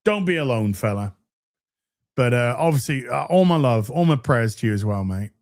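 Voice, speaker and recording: A man hosting a casual live stream, reading super chats and answering with profane, animated banter. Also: mid-range voice, normal speed. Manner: animated, profane, warm toward chat.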